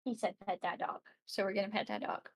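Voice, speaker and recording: A woman's voice: medium pitch, fairly even intonation, fast, slightly rough. A young woman streamer reading a text horror game aloud, playful and laughing often, cooing at pets in baby talk. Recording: music playing behind the voice.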